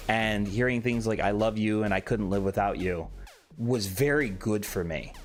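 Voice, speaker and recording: A young man casually chatting on a live stream, reading chat aloud with a joking, candid manner. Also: medium pitch. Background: faint background music.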